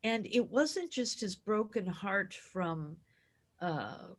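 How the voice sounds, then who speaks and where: A woman co-hosting a film club, discussing a film and acting out its scenes in a lively way. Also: medium pitch, takes it slowly. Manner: animated, acts out film scenes. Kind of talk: casual chat.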